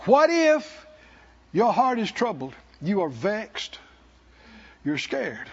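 A man preaching a sermon as pastor, calling for responses from the congregation and rising to shouts. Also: sits high, huge pitch swings, takes it slowly, husky. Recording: dull lo-fi sermon recording.

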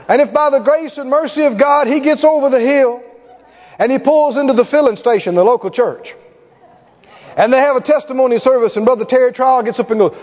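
A middle-aged man preaching a sermon with stories, folksy and animated, often chuckling. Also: very high voice, a little fast. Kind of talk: sermon with storytelling. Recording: echoey hall, dull lo-fi sound.

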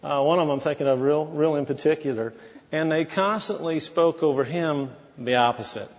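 A man's voice: fairly high pitch, normal speed, in a large hall, highs cut off. A man preaching a sermon as pastor, in a folksy, conversational way with asides to the congregation.

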